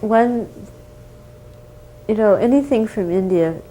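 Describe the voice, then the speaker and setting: A woman's voice: medium pitch, animated, slow, dark tone, a little hiss or hum, poor audio. A woman recalling old memories in a chatty, casual storytelling way, full of "you know" and "like".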